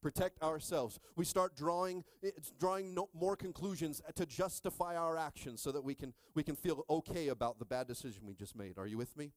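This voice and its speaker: A middle-aged man pastor preaching a sermon with call-and-response, joking with the congregation and rising into shouted stretches. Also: fairly high pitch, a little fast, few pauses, no room sound.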